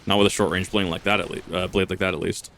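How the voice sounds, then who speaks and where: A man's voice: low-pitched, fairly even intonation, fast talker, gravelly, a bit bright. A man casually commenting while playing a video game, rambling, joking, laughing often and swearing. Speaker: gaming channel host. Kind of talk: casual let's-play commentary.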